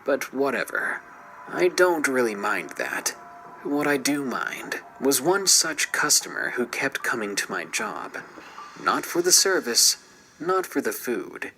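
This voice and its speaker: Gravelly man narrating a scary story. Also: medium pitch, bright, forceful tone, slight background noise, low-quality recording. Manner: dramatic, drops into whispers. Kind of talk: scripted horror story narration.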